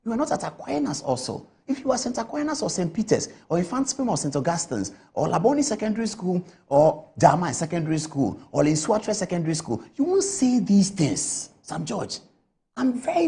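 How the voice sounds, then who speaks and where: A woman's voice: medium pitch, very animated, normal speed, gravelly, dark tone. Woman scolding on a TV panel. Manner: rhetorical, repeated questions, scolding. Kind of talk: impassioned political commentary on TV. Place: TV studio.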